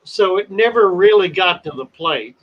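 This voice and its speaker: A man hosting a livestream who tells a long story in a drawn-out, dramatic way. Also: sits high, animated, dull audio. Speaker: pet shop owner and livestream host.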